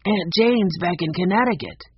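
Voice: mid-range voice, moderate pace, a little hiss or hum, close to an everyday voice. A reader voicing a thoughtful older brother in an audiobook, matter-of-fact and questioning. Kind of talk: audiobook character voice. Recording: dull lo-fi audio.

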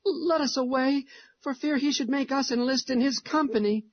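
A timid little boy with a trembling, pleading voice, as a male narrator puts him on, pitched up very high above an adult register. His small voice keeps a nervous edge throughout. The storybook recording sounds muffled and lo-fi. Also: normal speed. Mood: frightened. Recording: dull lo-fi recording.

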